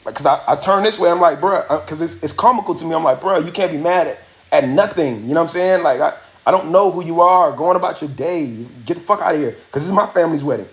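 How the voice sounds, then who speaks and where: A man, hosting a livestream and telling a story casually, slangy and animated, repeating phrases for effect. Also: on the high side, fast talker. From Miami, USA. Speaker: livestream host.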